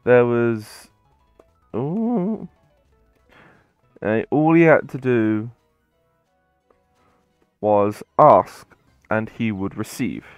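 A man's voice: medium pitch, lively intonation, extremely slow, pauses often, clear, resonant tone, no room sound, dull audio, faint music behind. A man hosting a game playthrough, retelling a story in a rambling, hesitant way with many fillers. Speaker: let's play host.

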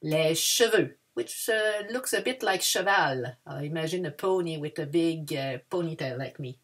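Husky woman teaching to children. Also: sits low, moderate pace. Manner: patient, switches between English and French. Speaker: French teacher. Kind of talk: children's language lesson. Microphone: video lesson.

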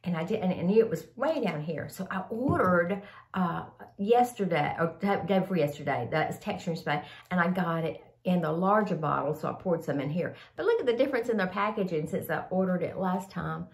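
A woman's voice: on the low side, lively intonation, brisk, reverberant. Chatty older woman with sniffles. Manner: rambling, chatty, addresses viewers as y'all. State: sniffly with a cold. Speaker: vlogger sharing favorite products. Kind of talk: casual chat to camera.

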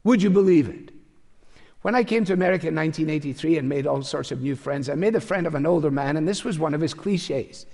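A man's voice: a little high, quick pace, hardly any pauses, a little mellow. An older man preaching a sermon to a congregation, talking conversationally and slipping in wry, humorous asides. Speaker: pastor. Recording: long hall reverb.

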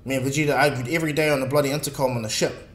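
Man putting on a high scolding exasperated woman, fan storytelling, echoey room. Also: steady tone, racing, a little hiss or hum, close to an everyday voice. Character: exasperated, sharp-tongued adult woman. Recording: echoey room, faint music.

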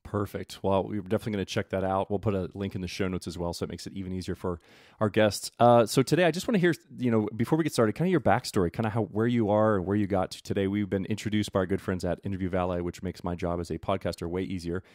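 A man's voice: low-pitched, fast talker, darkish tone, dry recording, clean studio sound. A man hosting a podcast, chatting in an upbeat, rambling way with lots of fillers. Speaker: podcast host. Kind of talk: casual interview chat.

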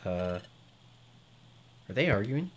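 A man's voice: lowish voice, very animated, slow pace, slight background noise. A young man commenting on a video game late at night at home, swearing often, stammering and reading dialogue aloud. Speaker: let's play commentator.

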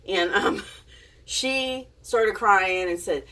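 A woman's voice: lowish voice, lively intonation, slow, fairly bright tone, far from the mic. A woman telling a casual story to her camera, chatty and giggly, with plenty of fillers and restarts. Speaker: vlogger.

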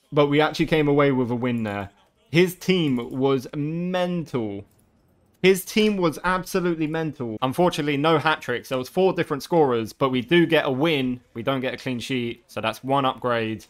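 Excitable man commentating gameplay. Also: medium pitch, fairly quick, clear, resonant tone. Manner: excitable, swears often, shouts at big moments. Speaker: gaming video creator.

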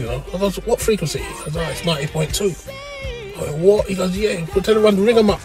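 South london guy telling a story in an interview, lively, fairly high voice, some music under it. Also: fast talker. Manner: animated, breaks into laughter and acts out voices. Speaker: interview guest, radio pioneer. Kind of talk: casual storytelling.

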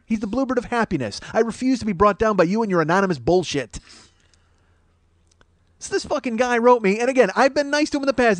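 Swinging between theatrical outrage and low mumbles, a comedy podcast host in his forties unloads a profane, exasperated solo rant. His voice is high-pitched and the recording has no room sound.

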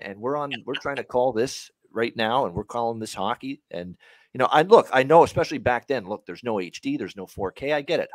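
A man hosting a sports podcast, talking in an emphatic, opinionated way that swings loud and soft. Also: mid-range voice, dry recording. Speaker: podcast host. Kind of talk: casual sports podcast chat.

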